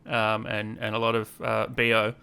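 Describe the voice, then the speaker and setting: A man's voice: lowish voice, monotone, moderate pace, creaky, bright, forceful tone, smooth. A man in his thirties hosting a casual podcast chat, telling stories animatedly and acting out quotes in raised voices. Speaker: podcast host.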